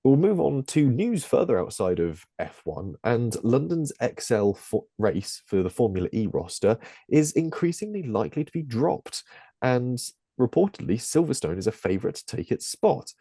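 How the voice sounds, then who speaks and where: A man's voice: medium pitch, big pitch swings, moderate pace, warm tone, husky, no echo, studio quality. A man hosting a casual motorsport podcast, reading news items with jokey asides. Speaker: podcast host.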